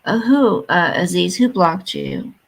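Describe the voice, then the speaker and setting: Woman in her 50s with a gravelly voice, gossipy vlog chat, blunt and chatty. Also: lowish voice, animated, measured pace, rough recording. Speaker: vlogger. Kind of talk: casual chat to viewers.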